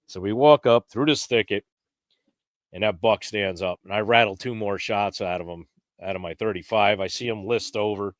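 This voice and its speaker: A man's voice: moderate pace, no room sound. Man telling a story in a dry room. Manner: lively storyteller, jumps pitch when acting out quotes. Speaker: podcast guest. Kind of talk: casual hunting story.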